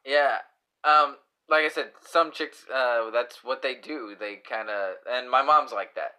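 A man's voice: medium pitch, unhurried, pushed and bright. A man hosting a casual podcast chat, rambling with lots of fillers and restarts and acting out little voices. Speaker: podcast host.

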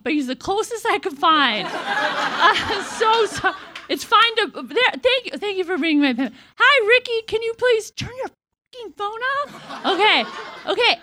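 A woman's voice: very high-pitched, bright, forceful tone, a little hiss or hum, heavily acted. A woman performing a live comedy roast in character, giggly and rambling, laughing at her own jokes. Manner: giggly, rambling, self-deprecating. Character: comedic take on a famous 1950s female comedian.

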